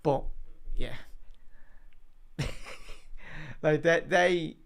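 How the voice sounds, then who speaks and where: A young man hosting a live football watch-along, chatting to his viewers and breaking into excited commentary. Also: a little high, very slow, vocal fry. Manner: excitable, bursts into loud rising commentary during attacks; chatty, addresses the live chat by name.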